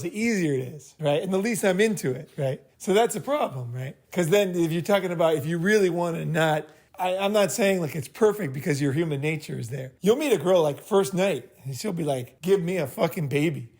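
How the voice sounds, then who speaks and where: Man leading a group chat, blunt and profane, rambling, fairly high voice. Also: lively intonation, brisk, hardly any pauses, a little mellow. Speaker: host leading a group meeting. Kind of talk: casual group talk, advice.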